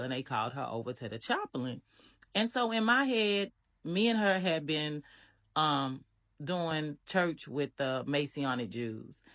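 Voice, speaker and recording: A woman tells a personal story from her time in prison with earnest, vivid feeling. Her tone is bright and forceful, and she brings each scene back to life as she speaks. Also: deep voice.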